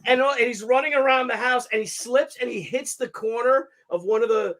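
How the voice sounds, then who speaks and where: A man's voice: extremely high pitch, fairly quick. A middle-aged man in casual chat, telling family stories with lots of laughter. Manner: animated, laughing storyteller.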